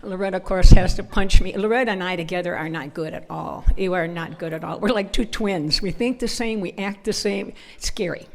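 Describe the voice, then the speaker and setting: A woman's voice: lowish voice, brisk, vocal fry, few pauses. A woman with a northern US accent, speaking at a church conference and telling personal stories in a chatty way, often laughing. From northern United States. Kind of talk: personal storytelling talk.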